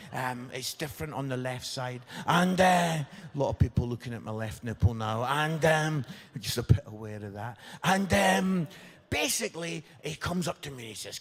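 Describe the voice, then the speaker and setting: A man in his fifties giving a humorous, animated sermon, joking with the congregation as he tells stories. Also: a little high. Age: 50s. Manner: animated, jokey, crowd-engaging. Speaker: preacher. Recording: long hall reverb.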